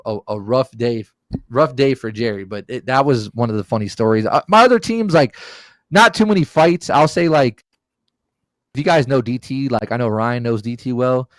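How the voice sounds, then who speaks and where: On a podcast, a man with a mid-range voice tells a rowdy, profane story at a moderate pace during casual chat. He's animated and acts out the quotes, and there's no echo.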